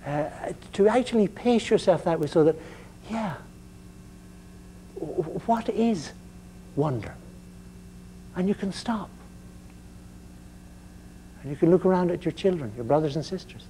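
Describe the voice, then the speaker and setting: An older man lecturing to a class, his voice mellow and dark, stumbling over and repeating words as he goes. He mixes dry jokes into the talk. A faint hum runs underneath the recording. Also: high voice, animated. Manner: halting, repeats words, wry humor. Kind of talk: university lecture.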